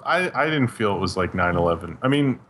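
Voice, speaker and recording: Low-voiced man explaining in casual chat. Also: expressive, brisk, a bit bright, a little hiss or hum. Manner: explanatory, corrects others on trivia. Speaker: podcast co-host.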